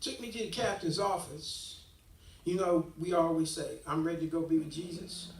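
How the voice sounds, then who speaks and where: A man's voice: a little high, moderate pace, background noise. Man in his 60s telling his story in an echoey hall. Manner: animated storyteller acting out quoted dialogue. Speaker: guest speaker giving testimony. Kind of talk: church testimony storytelling. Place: church hall, live stream. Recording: echoey hall, distant mic.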